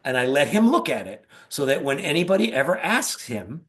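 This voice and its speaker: A man's voice: fairly high pitch, a little fast, hardly any pauses. Joking male podcast host. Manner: joking, animated storytelling. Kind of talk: casual interview talk.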